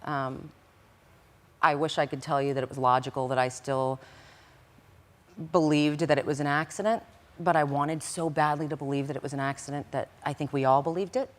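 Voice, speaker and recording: Low-voiced woman telling an animated story. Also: moderate pace. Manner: animated, acts out quoted dialogue. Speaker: interview guest recounting past events. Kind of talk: emotional personal storytelling.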